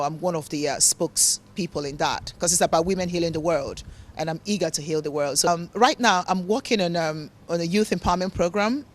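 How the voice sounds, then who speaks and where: A woman's voice: low-pitched, a little hiss or hum. Earnest Nigerian woman with a fusion accent. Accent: mixed accent of English, African and Italian tones. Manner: earnest, preachy, repeats words for emphasis. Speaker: motivational speaker and author. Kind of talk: interview answers.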